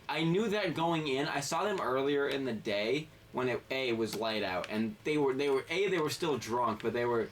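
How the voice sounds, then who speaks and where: Man, mid-pitch voice, casual rambling story, swears a lot, breaks off mid-sentence, off-mic, light background noise. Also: far from the mic. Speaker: game podcast co-host.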